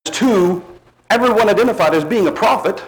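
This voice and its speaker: Male preacher, slightly high pitch; emphatic sermon delivery, slows for stress, drops low at phrase ends. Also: lively intonation, low-quality recording.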